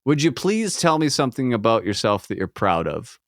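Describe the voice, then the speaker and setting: A Midwestern man hosting a podcast interview, playful and jokey, often acting out little quotes. His pitch moves a lot and stays lively. The sound is dry and close. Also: brisk, dry recording. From American Midwest. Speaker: podcast host. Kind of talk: casual interview chat.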